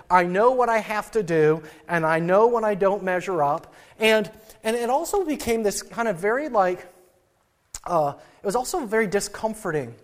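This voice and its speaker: A man preaching a sermon in an earnest, personal way, often restarting and repeating words. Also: high voice. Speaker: pastor.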